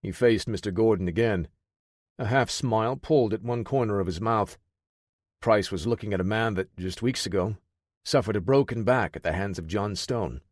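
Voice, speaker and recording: A man narrating an audiobook thriller in a steady, measured way. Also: fairly low pitch, dry recording, clean studio sound.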